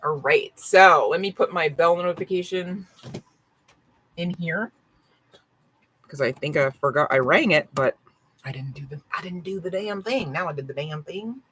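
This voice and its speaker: A woman's voice: lowish voice, normal speed, long pauses, a bit bright, a little hiss or hum, rough recording. A woman doing a casual live-stream tarot reading, chatty and full of "right?" and "okay?" asides, with dogs barking now and then. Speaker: tarot reader.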